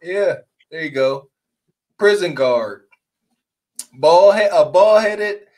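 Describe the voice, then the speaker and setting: A man's voice: sits high, expressive, slow pace, darkish tone. A man in his forties who co-hosts a podcast, reacting to a clip with blunt, mocking jokes. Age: 40s. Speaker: podcast co-host. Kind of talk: reaction commentary.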